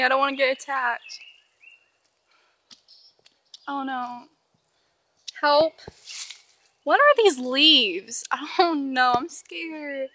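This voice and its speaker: Teen girl vlogging on a woods walk, high bright voice, slow dramatic self-mocking chatter, faint outdoor noise. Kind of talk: casual vlog narration while hiking.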